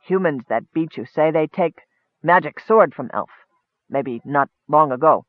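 A man's voice: a little high, lively intonation, a little slow, dry recording. A man voicing a sly male goblin who speaks in broken, knowing sentences, heard over a tinny phone-like line.

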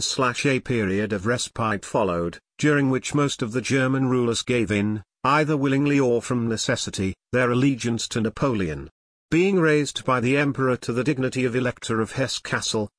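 A man's voice: mid-range voice, no echo. Man narrating a history audiobook, dry sound. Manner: steady, measured reading.

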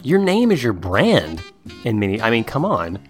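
Lively low-voiced joking man. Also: normal speed, faint music behind. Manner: joking, laughing along. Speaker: podcast co-host. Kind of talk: casual political chat.

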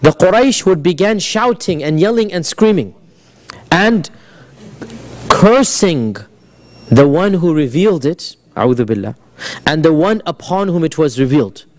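A man teaching a history class in a relaxed, conversational way, his voice sitting a little above the usual male range. He asks his students questions and slips Arabic phrases into his English. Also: on the high side, unhurried, long pauses. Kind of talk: classroom lecture.

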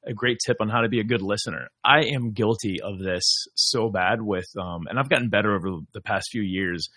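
A man co-hosting a podcast, chatting in a warm, self-deprecating way. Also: lowish voice, brisk, no room sound. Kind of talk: conversational podcast talk.

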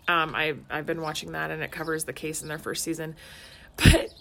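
A woman's voice: sits low, completely flat delivery, normal speed, gravelly, fairly bright tone, a little hiss or hum. Thirties woman, mom and podcast co-host; loose, laughing, rambling casual chat. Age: 30s. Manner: chatty, laughs often, lots of "like" fillers.

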